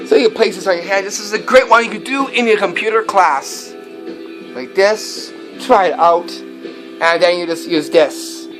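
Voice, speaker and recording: A man's voice: high-pitched, unhurried, a bit bright, soft background music. A man hosting a prank tutorial, explaining with enthusiasm and plenty of fillers as he shows his props. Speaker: magic and prank video host. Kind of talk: how-to demonstration.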